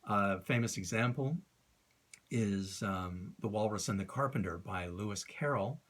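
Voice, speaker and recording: A man, an author, explaining a poetic rhythm in an informal lesson, talking unscripted with many ums and uhs and reciting verse slowly. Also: on the low side, fairly bright tone.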